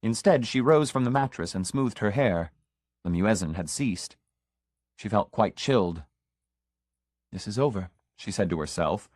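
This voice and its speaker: A male audiobook narrator with a low voice, reading in a measured, even storytelling manner. The recording is close and dry, with no room sound. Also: no echo. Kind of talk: scripted narration.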